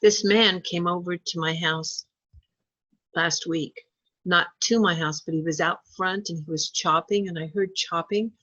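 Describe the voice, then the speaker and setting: A woman's voice: on the low side, no room sound, dull audio. A woman telling a long personal story in casual chat, acting out what people said. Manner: chatty, animated when quoting people.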